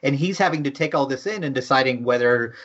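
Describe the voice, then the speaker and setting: A man's voice: mid-range voice, fast, fairly bright tone. A man co-hosting a podcast, chatting thoughtfully about a movie and laughing often. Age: older. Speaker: podcast co-host. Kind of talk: casual movie discussion. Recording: dull lo-fi sound.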